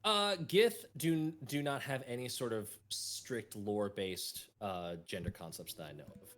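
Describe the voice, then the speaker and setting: A man's voice: lowish voice, measured pace, soft background music. A man running a tabletop game as game master, narrating and then chatting casually with players, laughing often. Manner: laughs often, animated when excited.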